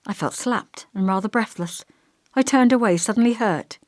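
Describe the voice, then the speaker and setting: A woman narrating a novel as an audiobook in a measured, expressive reading. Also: mid-range voice, no room sound, clean studio sound.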